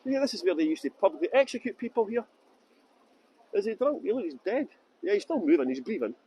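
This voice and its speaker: High-voiced chatty tour guide. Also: male voice, very animated, fast, mellow, a little hiss or hum, poor audio. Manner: chatty, jokey, laughs often, answers viewer comments. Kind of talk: live-streamed walking tour, chatting with viewers. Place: outdoors on city streets. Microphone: handheld phone.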